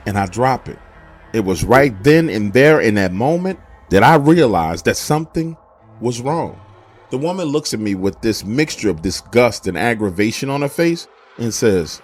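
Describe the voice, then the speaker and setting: A man's voice: medium pitch, slightly rough. A man earnestly narrating a true story from his youth in a conversational way.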